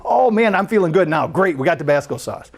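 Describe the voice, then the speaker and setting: A speaker at a spiritual center, telling a story during a sermon in a conversational, animated way. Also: mid-range voice, a little fast, vocal fry.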